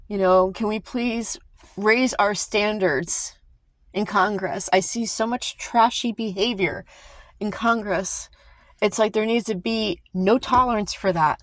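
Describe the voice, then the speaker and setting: A woman vlogging a heated, emphatic commentary, sighing and restarting her sentences as she talks. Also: medium pitch. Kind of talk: impassioned casual commentary to camera.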